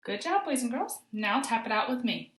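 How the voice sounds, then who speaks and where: A woman teaching a phonics lesson to young children, sounding out letters slowly and praising often. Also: on the high side, big pitch swings, fairly bright tone, echoey room. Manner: encouraging, sing-song praise, slow sounding out of letters. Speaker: kindergarten teacher.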